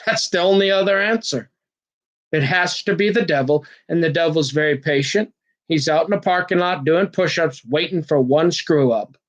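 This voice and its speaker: A man's voice: fairly high pitch, normal speed. A man talking in a rambling personal monologue, earnest and agitated, stumbling over his words and restarting often. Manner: earnest and agitated, jumps between topics.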